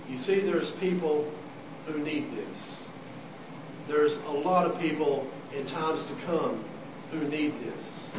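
A man preaches an earnest, explanatory sermon, his voice sitting a little high. He is picked up from a distance in a reverberant church hall, so the sound comes across dull and muffled. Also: noisy background. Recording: echoey room, distant mic, dull sound.

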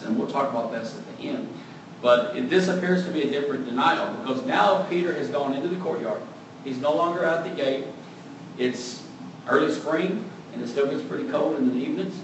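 A man giving a conversational Bible teaching, relaxed and thinking aloud, openly admitting what he is unsure of. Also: mid-range voice, fairly quick. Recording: very echoey room, mic far off, faint background noise.

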